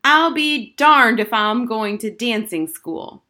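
A woman voicing a stubborn young girl who shouts defiantly in a storybook reading. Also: on the low side, expressive, takes it slowly. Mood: defiant shouting. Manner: loud, defiant, screaming.

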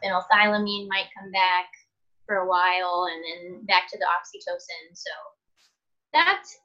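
A woman's voice: mid-range voice, normal speed, bright, forceful tone, muffled recording. A woman co-hosting a podcast, chatting casually and laughing often, with lots of fillers. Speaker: podcast co-host.

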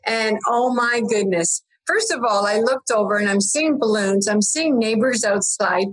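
A woman's voice: fairly high pitch, unhurried, breathy edge, poor audio. A woman chatting as a guest, upbeat, laughing often and acting out the dialogue in her stories. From Canada. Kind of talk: casual chat.

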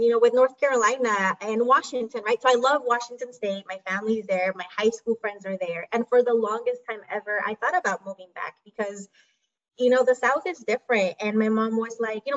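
A woman from Mexico, a teacher and podcast guest, chatting casually with many filler words. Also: on the high side. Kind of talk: casual conversational storytelling. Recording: muffled distant remote audio.

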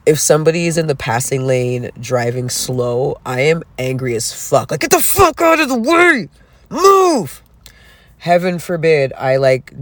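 Man, casual vlog rant, profane, self-mocking, animated delivery, mid-pitched voice. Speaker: vlogger. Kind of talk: casual ranting monologue.

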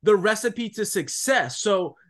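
A young man with a high voice talking in loose podcast chat. He is animated and swears freely, and "dude" and "like" fill his sentences. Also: a little slow. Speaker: podcast co-host.

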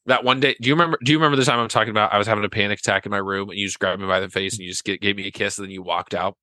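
A young man chats as a podcast guest, his voice bright and forceful and sitting a bit low. He tells stories with lots of animation and acts out his own past lines. The mic is close and dry. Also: steady tone, very fast, no room sound. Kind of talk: casual chat.

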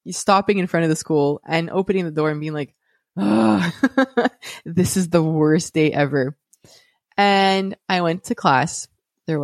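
In a low-sitting voice, a woman hosting a podcast talks candidly about her own life as a parent, restarting frequently and letting out light laughs. The sound is studio quality with no room sound.

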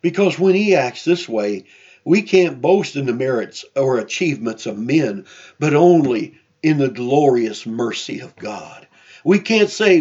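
Slow, emphatic male preacher. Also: mid-range voice, expressive, darkish tone, breathy edge, highs cut off. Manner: slow, emphatic, repeats phrases, many fillers. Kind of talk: sermon.

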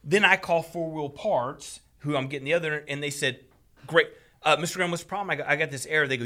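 A man casually retelling a frustrating story, animated and profane, laughing as he goes. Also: on the high side, quick pace. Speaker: storyteller on a talk show. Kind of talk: casual chat.

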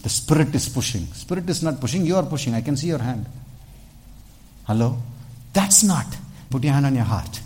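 Male pastor, mid-pitched, lively preaching to a congregation. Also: normal speed, long pauses. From India. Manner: animated, calls out "Hello?" to the congregation, dramatic shifts in loudness. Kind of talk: sermon. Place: church.

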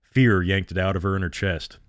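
Male storyteller, deep-ish voice, measured horror narration, dead-dry booth sound. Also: steady tone, dry recording.

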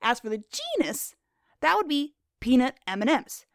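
A woman's voice: high-pitched, expressive, normal speed, no echo, studio quality. A woman hosting a podcast, narrating scripted animal facts in a playful, jokey, self-deprecating way. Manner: jokey, self-deprecating, quizzes herself in a game-show bit. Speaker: podcast host.

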